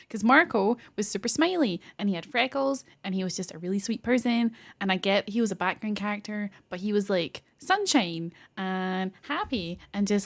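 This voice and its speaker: A woman's voice: medium pitch, moderate pace. A young woman streamer chatting casually, gushing and rambling with lots of fillers and the odd swear word. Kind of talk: casual chat.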